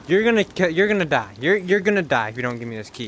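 A man streaming a video game on a headset mic, swearing a lot and swinging between yelling and low muttering. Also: expressive, racing, few pauses, a little hiss or hum. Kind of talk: live gameplay commentary. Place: warm indoor room at home.

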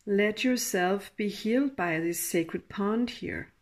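A woman giving a tarot reading in a halting, emotional way, with sighs and soft laughs. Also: medium pitch. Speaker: tarot reader.

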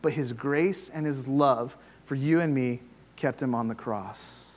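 A man preaching a sermon, moving between loud emphasis and hushed, quiet passages as he retells a scripture story. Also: mid-range voice, unhurried. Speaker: pastor. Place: church sanctuary.

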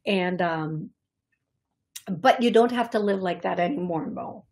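Slow, halting woman giving psychic readings. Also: lowish voice, darkish tone. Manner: repetitive, halting, fillers, slow and earnest. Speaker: psychic medium host. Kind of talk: live-stream reading for viewers.

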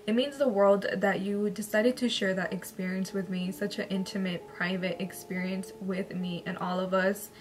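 A woman's voice: medium pitch, steady tone, normal speed, hardly any pauses. A woman YouTuber reading viewer-sent paranormal stories aloud, breaking off into emotional, chatty asides with tearful laughter. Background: soft background music.

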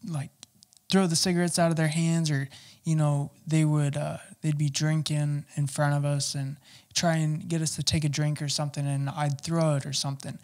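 A man telling his personal testimony as an interview guest, talking haltingly with many fillers and restarts. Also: on the high side, level tone, darkish tone.

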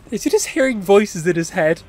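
Brief: man, very high voice with big swings, excitable let's play host, yells and curses, laughs a lot. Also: slightly rough. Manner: excitable, yelling and swearing at the game; chatty asides to viewers, frequent laughter. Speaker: gaming channel host.

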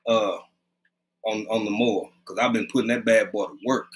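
A man's voice: lowish voice, steady tone, moderate pace, slight background noise. A man hosting a casual live stream, greeting viewers by name in a loose, conversational way, talking close to his webcam at home. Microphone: webcam, leaning close.

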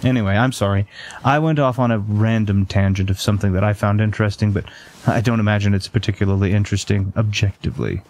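A man with a lowish, slightly mellow voice talks quickly with fairly even intonation. He's a let's play host in a casual gameplay chat, rambling off on tangents and filling his speech with lots of ums and uhs.

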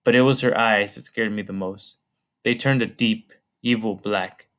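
Man narrating an audiobook, measured. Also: fairly low pitch, fairly even intonation, a bit bright. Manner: measured storytelling. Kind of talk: scripted narration.

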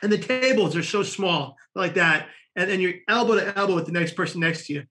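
A man from the United States tells a long story as a podcast guest, slipping into the voices of the people in it. His voice is fairly high and very bright, with a quick, animated delivery.

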